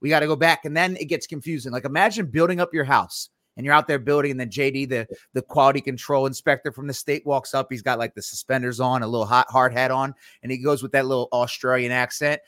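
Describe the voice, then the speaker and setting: A man co-hosting a live-streamed podcast, talking emphatically and acting out quick bits of imagined dialogue. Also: mid-range voice, steady tone, fairly bright tone, dry recording, clean studio sound. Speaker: podcast co-host.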